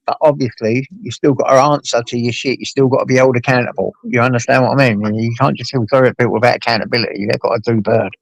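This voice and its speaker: A man hosting a casual chat, talking bluntly with plenty of swearing and lively storytelling. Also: medium pitch, dry recording, low-quality recording. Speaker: host.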